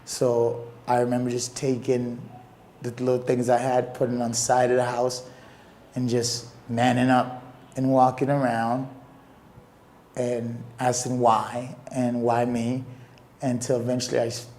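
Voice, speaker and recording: A young man telling a personal story in an interview, earnest and emotional, with halting pauses. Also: medium pitch, completely flat delivery, a little mellow.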